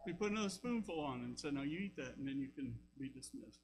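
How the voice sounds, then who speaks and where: A man's voice: on the high side, lively intonation, fast talker, hardly any pauses, a little hiss or hum, poor audio. An older man with a Southern American accent, preaching a sermon as pastor, telling folksy stories with frequent asides. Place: church sanctuary.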